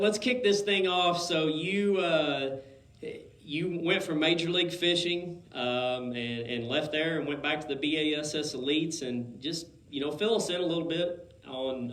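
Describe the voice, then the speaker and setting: A man's voice: on the high side, normal speed, a bit bright. A man hosting a fishing radio show, chatting in an easygoing, folksy way and a little out of breath. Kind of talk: casual radio interview. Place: radio studio. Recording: roomy studio echo.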